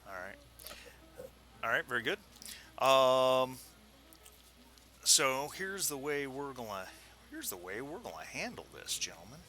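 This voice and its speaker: Male game master, bright tone, halting delivery with fillers. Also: medium pitch, big pitch swings. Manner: hesitant, many fillers. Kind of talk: narrating a tabletop game.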